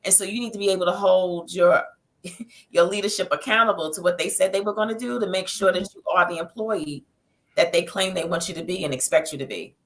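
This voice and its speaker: A woman's voice: lowish voice, fairly even intonation, fairly quick, a bit bright, rough recording. A woman therapist on a panel, speaking directly and emphatically. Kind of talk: panel discussion.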